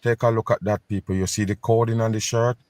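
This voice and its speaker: A man's voice: on the low side, flat delivery, fast talker, darkish tone, slight background noise. A man hosting a video in which he reacts to news clips. He talks in an emphatic, scornful tone and keeps telling his viewers to pay attention. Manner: scornful, conspiratorial. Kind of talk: casual commentary.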